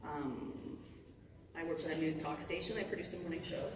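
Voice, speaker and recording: A woman's voice: low voice, brisk. Rambling, cussing woman in an echoey hall. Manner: rambling and self-interrupting, cusses, laughs often. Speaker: voice actress on a convention panel. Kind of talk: casual panel talk. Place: large convention hall. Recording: echoey hall from far off, noisy.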